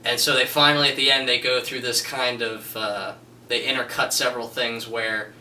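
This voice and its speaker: A man's voice: medium pitch, level tone, normal speed, pushed and bright, reverberant, distant mic, a little hiss or hum, low-quality recording. A man giving a casual spoken film review, gushing and rambling with many restarts and fillers. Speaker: movie reviewer.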